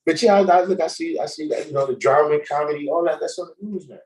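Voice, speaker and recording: A man hosting a casual livestream chat, telling stories in an animated, slangy way and laughing often. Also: a little high, fast talker, a little hiss or hum, poor audio. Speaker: host.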